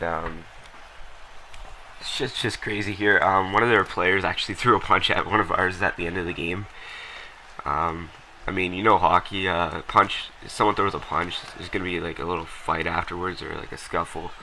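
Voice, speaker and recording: A young man with a low yet bright, forceful voice talks through his gameplay footage in a loose, rambling way. He fills gaps with ums and uhs and doesn't shy away from swearing. A faint noise sits under the recording. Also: steady tone, normal speed, low-quality recording. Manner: rambling, lots of ums and uhs, blunt and profane. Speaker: gameplay commentator. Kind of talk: casual gameplay commentary.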